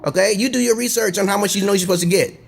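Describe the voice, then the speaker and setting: A man with a high voice rants straight to camera in a loose vlog monologue. He swears constantly and wanders from point to point. He keeps circling back to check in with a quick "okay?". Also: gravelly, a little hiss or hum. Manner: profane, rambling, digressive monologue; repeats himself and checks in with "okay?". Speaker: video blogger. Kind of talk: casual vlog rant to camera.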